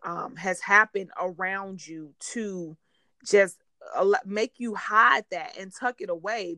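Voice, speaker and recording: A woman's voice: medium pitch, no echo, studio quality. Encouraging woman hosting a faith talk. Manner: warm encouraging, many restarts and laughs. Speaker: podcast host. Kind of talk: faith-based interview chat.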